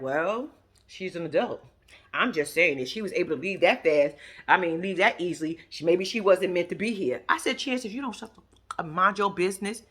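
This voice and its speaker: A woman's voice: medium pitch, slightly rough. A woman vlogger giving a casual, profane recap of a reality-TV episode to her viewers. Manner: blunt, profane, animated storytelling. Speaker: YouTube reaction vlogger.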